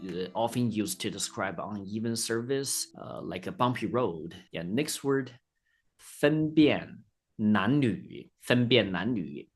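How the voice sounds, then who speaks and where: A man's voice: lowish voice, fairly bright tone. Friendly man teaching Chinese. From China. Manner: friendly, chatty, slows down to model Chinese words. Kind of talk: casual online lesson.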